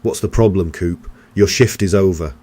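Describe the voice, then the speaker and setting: A man voicing a cold, unflappable office boss who speaks in a flat, measured and unnervingly calm way. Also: deep voice, voice pushed up.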